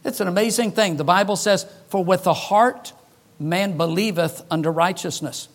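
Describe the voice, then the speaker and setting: A man preaching a sermon, an animated storyteller who jokes and acts out the dialogue in his stories. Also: high voice, normal speed.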